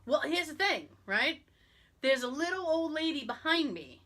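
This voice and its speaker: A woman co-hosting a podcast tells everyday stories in casual chat, acting out the people in them. Her voice sits a little high and has a bright, forward ring. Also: moderate pace. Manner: animated, acts out quoted people. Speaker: podcast co-host.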